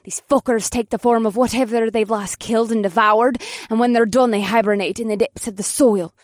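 A woman's voice: on the high side, steady tone, fairly quick, no echo, clean studio sound, lightly acted. A woman voicing a crude, fierce young witch with a growling manner in an audiobook. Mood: gruff. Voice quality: growling, swearing. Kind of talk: audiobook dialogue reading.

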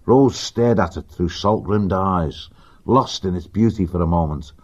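Husky, low-voiced male storyteller. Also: measured pace. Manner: steady, vivid reading. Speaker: audiobook narrator. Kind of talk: scripted storybook narration. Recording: dull lo-fi recording.

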